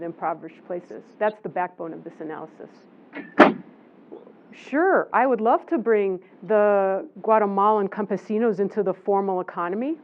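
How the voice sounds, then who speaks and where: A professor in her sixties fields audience questions in a lecture setting, speaking with a plain mid-range voice. She talks emphatically, hammering points home by repeating them. The recording is thin and tinny, like a phone line. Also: mid-range voice. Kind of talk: lecture Q&A answer.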